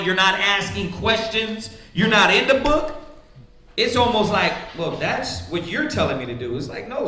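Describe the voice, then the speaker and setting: A man's voice: sits high, reverberant, noisy background. A man preaching in a casual, conversational way, often asking "right?" and acting out the voices of the people he quotes. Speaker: priest teaching scripture.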